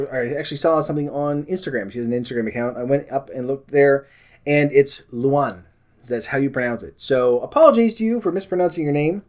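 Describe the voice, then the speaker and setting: A man with a Canadian accent talking casually to the camera in a vlog, rambling with many fillers and corrections. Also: mid-range voice. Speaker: vlogger.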